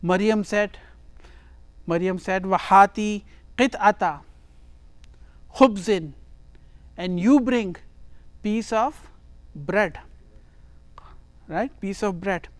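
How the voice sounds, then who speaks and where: Slow, deliberate grammar teacher. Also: medium pitch, dry recording. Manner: reads a phrase, then translates and explains it step by step; repeats words and phrases for emphasis. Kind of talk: Arabic grammar lesson.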